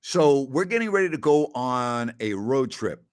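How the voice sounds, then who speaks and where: Man, middle-aged, host answering listener questions, casual and chatty, anecdote-teller, mid-pitched voice. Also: animated, a little slow, smooth. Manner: chatty, tells anecdotes with quoted dialogue, often says "absolutely". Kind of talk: casual Q&A storytelling.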